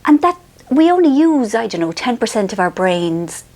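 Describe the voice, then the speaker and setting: A woman's voice: fairly high pitch, very animated, moderate pace, a little mellow. A middle-aged Irish woman telling a rambling, self-mocking story in a casual monologue. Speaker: author and vlogger.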